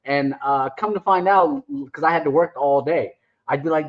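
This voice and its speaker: A man's voice: on the high side, moderate pace. A man telling rambling, joking stories in a casual podcast chat, with many restarts. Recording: dull lo-fi sound.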